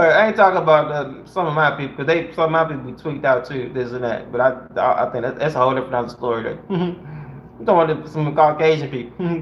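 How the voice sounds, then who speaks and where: A man's voice: high-pitched, a bit bright, reverberant, highs cut off, a little hiss or hum. A man reading a book aloud and breaking off into loose, slangy, conversational asides. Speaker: reader and commentator.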